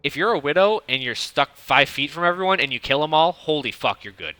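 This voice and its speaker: Bright, blunt man in his thirties. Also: a little high, fairly quick, smooth, dry recording. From United States (Detroit). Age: 30s. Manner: profane, rambling, blunt advice; self-described monotone delivery. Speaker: streamer coaching a viewer. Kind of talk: casual coaching commentary.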